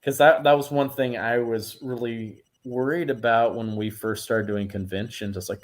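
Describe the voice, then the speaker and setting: A man as a guest in a casual interview, telling lively stories, acting out what others said and laughing often. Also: mid-range voice, normal speed, few pauses. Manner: animated storyteller, acts out quotes, laughs often. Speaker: guest actor.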